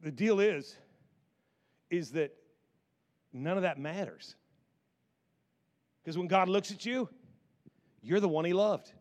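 Man, preacher, high-pitched, animated repetitive delivery. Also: takes it slowly, long pauses. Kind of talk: sermon.

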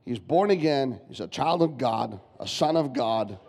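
A guest pastor preaching a sermon, emphatic and repetitive, firing rhetorical questions at the congregation. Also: male voice, medium pitch, expressive, measured pace, vocal fry, a little mellow, slight background noise. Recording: long church hall reverb.

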